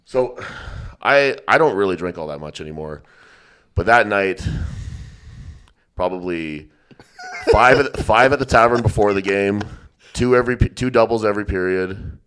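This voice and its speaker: A man's voice: fairly low pitch, moderate pace, long pauses, fairly bright tone, clean tone. A man hosting a podcast, telling a rambling story with lots of swearing and laughter in a casual chat. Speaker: podcast host.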